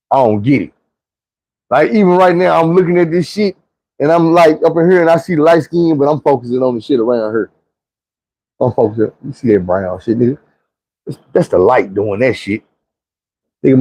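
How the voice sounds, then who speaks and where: A man's voice: a little high, vocal fry, darkish tone, dry recording, low-quality recording. A man telling a story in a casual, profane, slangy monologue, rambling loosely with frequent restarts.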